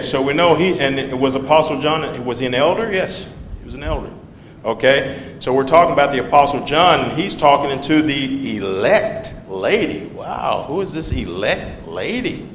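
A man leading a Bible study, talking conversationally, quizzing his listeners and repeating key words. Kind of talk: Bible study teaching with questions to the group. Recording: echoey hall with faint rumble.

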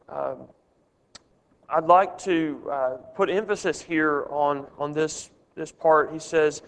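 A man's voice: fairly high pitch, fairly bright tone, clean tone, long reverb tail. A man leading a Bible study, earnest and asking his group questions.

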